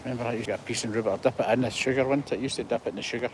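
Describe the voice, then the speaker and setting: Filming on a handheld phone on a gimbal, a Scottish vlogger in his sixties rambles his way around outdoor heritage museum grounds. He speaks rapid-fire in a mid-range voice, chatty and self-deprecating, over a little hiss or hum.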